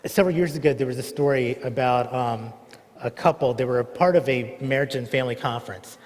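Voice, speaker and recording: A man's voice: mid-range voice, a little fast, a little mellow, big-room sound. A male pastor preaching a sermon in a conversational, storytelling way, often asking the congregation questions.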